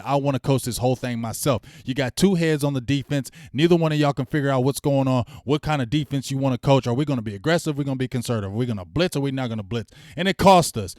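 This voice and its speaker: A middle-aged man hosts a sports fan show, his medium-pitched, slightly mellow voice recorded clean in a studio without echo. He rants bluntly and heatedly in slangy, casual speech.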